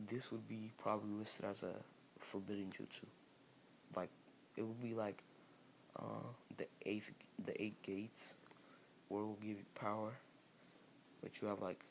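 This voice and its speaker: A man's voice: fairly low pitch, gravelly, slight background noise. A man casually improvising a fan-fiction story, rambling with restarts and fillers.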